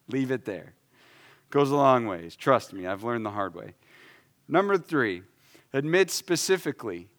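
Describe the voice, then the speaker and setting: A man in his thirties preaching a sermon, emphatic, shifting between loud stresses and soft asides. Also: mid-range voice. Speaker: pastor.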